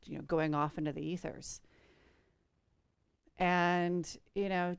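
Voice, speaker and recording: A woman's voice: lowish voice, clean tone, dry recording. A woman hosting a podcast in an earnest, flowing spiritual chat, full of "you know" fillers. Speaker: podcast host.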